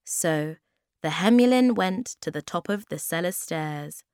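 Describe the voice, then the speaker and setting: A woman reading a children's storybook aloud in a slow, clear, expressive way. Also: fairly low pitch, no echo, clean studio sound.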